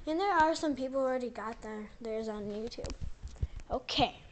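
A woman's voice: on the high side, normal speed, a little hiss or hum. A young woman from the United States chatting casually at home in a bubbly, rambling vlog, full of "like" fillers. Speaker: vlogger.

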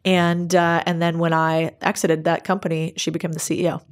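Candid woman guest with a lowish voice. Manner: lively storyteller, brisk and candid. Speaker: podcast guest. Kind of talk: casual interview storytelling.

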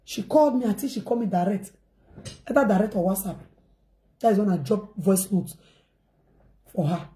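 A woman's voice: mid-range voice, animated, normal speed, pauses often, warm tone. A woman with a Nigerian accent talking casually to her viewers in a rambling, repetitive way, mixing in pidgin phrases.

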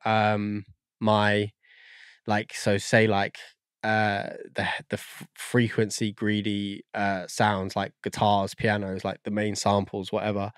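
A man's voice: fairly low pitch, monotone, takes it slowly, smooth, no echo, studio quality. A man, a guest on a podcast, talking in a rambling, casual way and searching for words with lots of fillers. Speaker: guest audio engineer.

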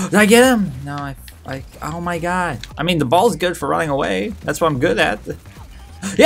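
A man giving live, excitable gameplay commentary, yelping, laughing and repeating words in quick bursts. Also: a little high, soft background music. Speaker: gaming channel host.

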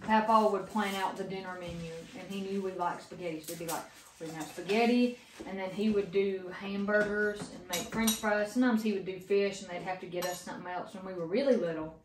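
Chatty young southern appalachian gal, rambling "like" a lot, normal pitch, light background hiss. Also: female voice, fairly even intonation, fast, few pauses. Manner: chatty, rambling, says "like" often. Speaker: vlogger. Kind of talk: casual family vlog chat. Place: family house, kitchen.

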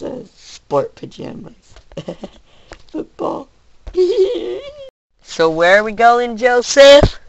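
A man's voice: very high-pitched, big pitch swings, very slow, creaky, pauses often. A teenage guy vlogging on a handheld camera at a busy kids' pizza and arcade place, joking around in a goofy, exaggerated way. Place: indoor children's pizza and arcade venue. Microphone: handheld camera mic. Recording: loud crowd noise on camera mic. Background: loud crowd chatter and arcade noise.

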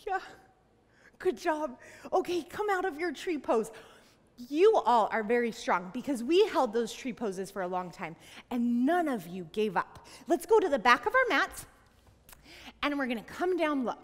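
A woman's voice: on the high side, very animated, a little slow, fairly bright tone. A young woman leading a yoga class for children, playful, sing-song and encouraging, with animal sounds. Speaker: kids yoga teacher. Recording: long reverb in a large room.

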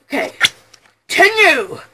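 A woman's voice: very high voice, sing-song, a little slow, heavy background noise. A woman hosting a casual let's-play video, chatting in a silly way and reading game text aloud. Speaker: gaming video host.

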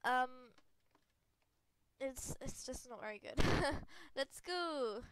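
Sick girl playing a game, kinda high voice, all stuffed up and sniffly, giggles and rambles and puts herself down. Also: animated, extremely slow, a bit bright, clear, resonant tone, no echo. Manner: giggly, rambling, self-deprecating. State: ill, congested and sniffly. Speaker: gaming video creator. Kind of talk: casual gameplay commentary.

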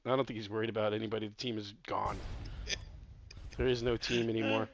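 A man's voice: lowish voice, little pitch movement, fast, gravelly, slight background noise. A man chatting and joking with friends during an online squad game. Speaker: gamer on a stream. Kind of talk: casual gaming chat.

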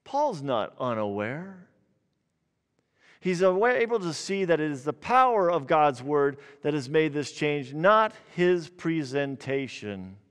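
A man preaching a sermon as pastor. He shifts between raised, emphatic lines and hushed, earnest ones. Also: a little high, sing-song, a little slow, clean tone, in a large hall. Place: church sanctuary.

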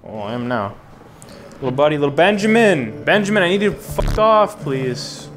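Brief: playful young gamer, high voice, casual swearing. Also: male voice, very animated, moderate pace, over music. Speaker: gaming video creator. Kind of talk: playing a VR game on camera, joking commentary.

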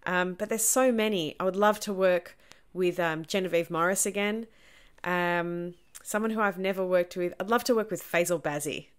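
A woman's voice: lowish voice, normal speed, smooth. A woman actor, answering questions in a chatty, self-deprecating way with lots of ums. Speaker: stage actor. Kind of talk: casual Q&A answers to camera.

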